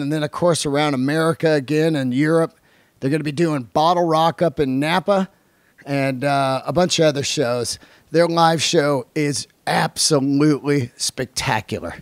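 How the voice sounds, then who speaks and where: A man's voice: on the high side, no room sound. Podcast host, male, raised voice, swears freely, rambles through stories, dry studio sound. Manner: loose, profane, rambling storyteller. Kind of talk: casual chat. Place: recording studio.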